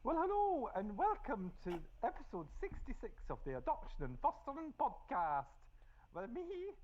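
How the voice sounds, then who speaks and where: A man's voice: extremely high pitch, wildly swooping pitch, normal speed, slight background noise, pitched above the performer's own voice, full character voice. A man voicing a chirpy elderly Scottish granny, heard over dull lo-fi call audio.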